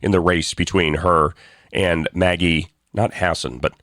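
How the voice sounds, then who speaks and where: A man's voice: low-pitched, steady tone, measured pace, a bit bright, no room sound, clean studio sound. A man co-hosting a political talk show, blunt and sarcastic, ranting with frequent restarts. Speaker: co-host.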